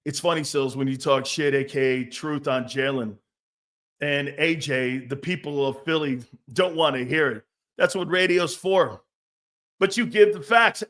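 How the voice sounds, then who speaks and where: Blunt, animated sports talk man. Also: on the high side, unhurried. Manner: blunt, animated, swears freely. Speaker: sports talk show host.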